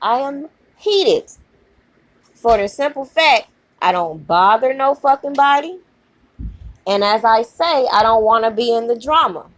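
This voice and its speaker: A fired-up woman rants to her channel audience, swearing freely and hammering her points home. Her voice sits a little on the high side and jumps up sharply when she gets worked up. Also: expressive, normal speed. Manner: heated, profane, emphatic, repeats herself. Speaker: channel host. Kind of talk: angry rant to camera.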